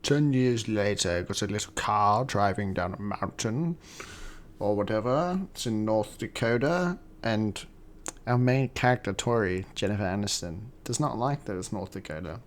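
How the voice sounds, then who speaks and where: A man's voice: lowish voice, normal speed. A man co-hosting a podcast, casually recapping a film, swearing and acting out the lines. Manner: animated, swearing, acts out lines. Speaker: podcast co-host.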